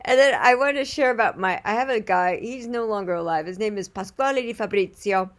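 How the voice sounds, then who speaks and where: A woman's voice: mid-range voice, a little fast. A woman casually telling anecdotes in a chatty, rambling way, often restarting her sentences. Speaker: storyteller.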